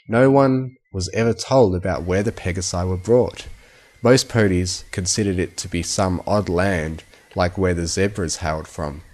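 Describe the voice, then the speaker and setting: A man reading fan fiction aloud as a narrator in a steady storytelling manner. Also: deep voice.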